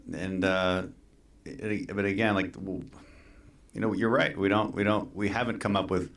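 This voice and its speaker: A man speaking as a politician guest in an earnest conversation, halting and repeating words as he thinks. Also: low-pitched, steady tone, vocal fry, a bit bright.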